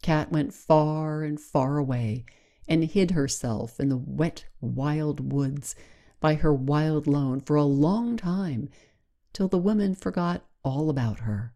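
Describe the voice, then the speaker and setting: Woman story host, low voice, dark mellow tone, slow rhythmic storybook reading. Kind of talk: storybook narration.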